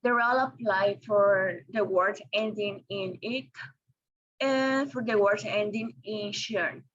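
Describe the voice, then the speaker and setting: Slow, careful woman presenting a lesson. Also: mid-range voice, fairly even intonation, fairly bright tone, dull audio. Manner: slow and careful, with frequent ums and restarts. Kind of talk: reading a class presentation.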